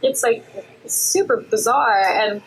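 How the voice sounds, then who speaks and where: High-voiced giggly woman podcast co-host. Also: sing-song, husky, rough recording. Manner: giggly, filler-heavy retelling with quick asides. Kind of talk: casual chat recapping a film.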